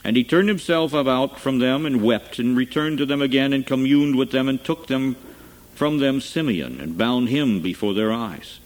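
A man reads scripture aloud with a solemn, measured delivery. His voice sits at an ordinary middle pitch for a man, steady and unhurried. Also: rough recording. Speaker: scripture reader. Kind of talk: scripture reading.

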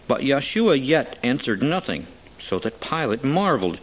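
Man giving a measured solemn scripture reading. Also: medium pitch, very animated, low-quality recording. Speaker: scripture reader.

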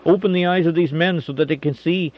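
A man voicing a calm, commanding male prophet, declaiming his lines earnestly with a raised voice. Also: a little high, a little fast, voice pushed up, natural voice. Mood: urgent. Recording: dull lo-fi recording, faint hiss.

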